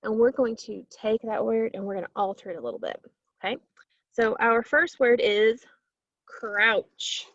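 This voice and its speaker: A woman teaching a phonics lesson to young children, slowly stretching out sounds and syllables. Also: a little high, dry recording, muffled recording.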